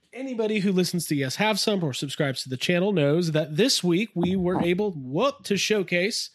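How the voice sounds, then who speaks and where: A man co-hosting a casual podcast from his toy room, rambling and excitable with many fillers. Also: sits high, dry recording, clean studio sound. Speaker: podcast co-host. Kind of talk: casual chat.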